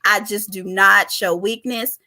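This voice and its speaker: A woman's voice: medium pitch, fairly even intonation, measured pace, bright, forceful tone. A woman hosting a casual recap chat, chatty, often calling her listeners "y'all.". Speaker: podcast host.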